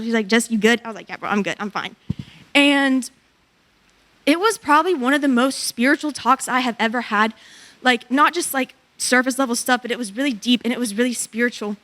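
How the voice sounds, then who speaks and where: A woman in her twenties giving a church testimony about a mission trip, telling her story in an animated way and acting out what people said. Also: high-pitched.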